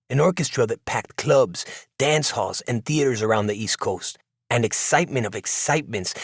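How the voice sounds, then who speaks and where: A man narrating a novel in the first person, in a reflective, measured way. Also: medium pitch, dry recording, clean studio sound. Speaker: audiobook narrator. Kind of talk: scripted narration.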